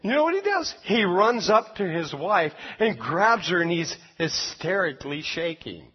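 Husky male pastor, dull church recording. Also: sits high, normal speed. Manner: animated storyteller who laughs at his own tale, then soft pleading invitation. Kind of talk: sermon with humorous story and altar call. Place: church service.

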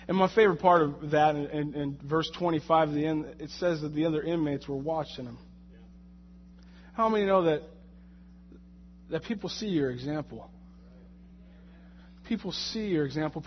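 Guy preaching casual, tells a jokey story, slightly high voice, gets loud and worked up, kinda dull muffled sound. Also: slight background noise. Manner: animated, jokey storytelling with rising, shouted anger in the retold moments. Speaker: lay preacher. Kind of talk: conversational sermon with a personal story.

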